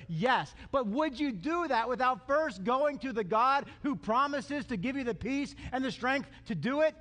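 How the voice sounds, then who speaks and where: A male pastor preaching a sermon, animated and calling on the congregation to answer. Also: very high voice, moderate pace, few pauses. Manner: animated, calls for congregation response. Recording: long hall reverb.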